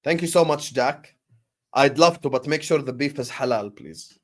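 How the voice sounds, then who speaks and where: A man hosting a football watchalong stream, bantering with chat and breaking into loud bursts when the match heats up. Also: mid-range voice, moderate pace, dry recording, clean studio sound. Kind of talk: casual live-stream chat with match commentary.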